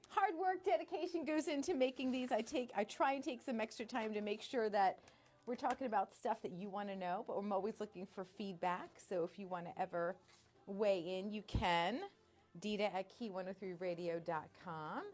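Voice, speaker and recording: A woman's voice: mid-range voice, darkish tone. A middle-aged woman radio host chatting casually on a live stream from her studio, bubbly and self-deprecating.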